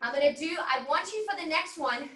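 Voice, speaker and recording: This woman's high, expressive voice has a sharp tone and a fairly quick pace as she coaches an online workout, exercising along with the class. Upbeat and slightly out of breath, she lets out whooping cheers. A laptop mic on the video call, placed at a distance, makes the recording roomy and distant.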